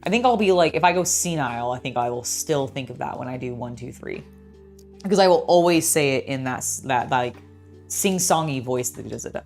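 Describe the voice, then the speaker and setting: A woman's voice: rumbling low, animated, fairly quick, darkish tone, soft background music. A young adult woman in a casual building vlog, chatting in a rambling way with many fillers and talking to her cat. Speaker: LEGO builder and channel host.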